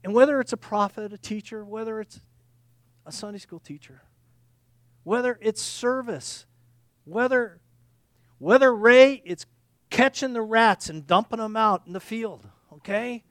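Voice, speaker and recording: A male pastor preaching a sermon, earnest, swinging from loud emphatic lines to quiet confiding ones, often repeating words and restarting sentences. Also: high-pitched, unhurried, pauses often, dry recording.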